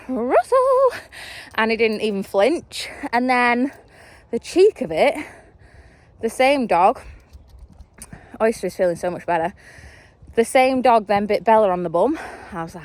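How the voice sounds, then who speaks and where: A young woman, chatting casually to a handheld phone in a big field with horses and dogs. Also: medium pitch. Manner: chatty, laughing asides, talking to animals. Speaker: vlogger. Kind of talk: casual vlog chat.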